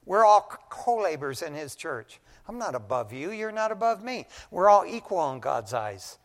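Middle-aged male pastor, folksy and animated, slightly high voice, church reverb. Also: normal speed. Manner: folksy, animated storytelling preacher, says "man" often. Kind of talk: conversational sermon. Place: church sanctuary. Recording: long reverb of a large church hall.

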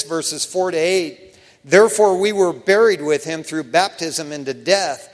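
A man preaching a sermon as pastor, folksy and animated, telling stories with laughs. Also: sits high. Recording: long reverb of a church hall.

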